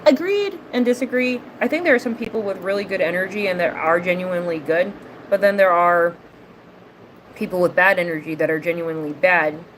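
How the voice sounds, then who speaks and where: A woman's voice: on the low side, a little fast, a bit bright, a little hiss or hum, poor audio. Chatty woman streamer reading chat. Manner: chatty, responds to messages aloud; playful, laughs often. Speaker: livestream host reading viewer chat. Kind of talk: casual chat.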